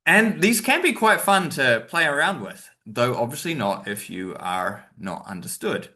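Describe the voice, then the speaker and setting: Guy teaching a webinar, bright tone, lots of ums and asides. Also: medium pitch, very animated, measured pace. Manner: chatty, many fillers and asides; acts out stressed example sentences. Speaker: teacher trainer.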